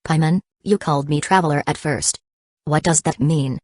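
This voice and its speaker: A woman's voice: low-pitched, normal speed, darkish tone, no room sound, clean studio sound. Woman reading as curious naive little witch. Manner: asks questions with wonder.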